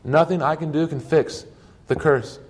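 A man's voice: fairly high pitch, fairly even intonation, normal speed. A man preaching a sermon, telling stories earnestly in short emphatic phrases.

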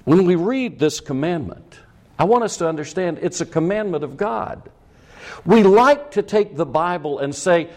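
A man's voice: fairly high pitch, lively intonation, unhurried. A middle-aged man preaching a sermon as pastor, with emphatic rising peaks.

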